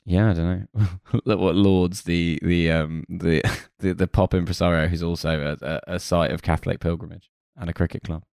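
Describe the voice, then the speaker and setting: Very low-voiced joking man. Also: steady tone, normal speed, vocal fry, darkish tone, clean tone, no echo, studio quality. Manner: joking, trails off with fillers, puts on silly voices. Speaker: podcast co-host. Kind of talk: casual chat recapping a sitcom.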